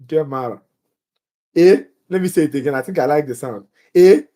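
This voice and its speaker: A man's voice: fairly high pitch, moderate pace, dark tone. A man runs a live exam-prep review for nursing students, reading questions and answer options aloud. He quizzes his viewers and jokes about his own accent.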